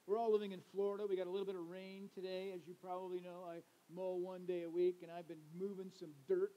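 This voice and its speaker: Pastor, middle-aged man, high and mellow, chatty sermon with jokes to the congregation. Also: low-quality recording. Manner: conversational, joking asides to the congregation.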